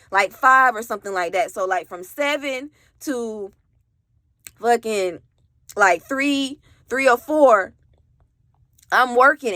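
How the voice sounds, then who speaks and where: A woman's voice: a little high, pushed and bright, dry recording. A young adult woman telling her own story in a rambling, candid way, full of "like" and casual swearing.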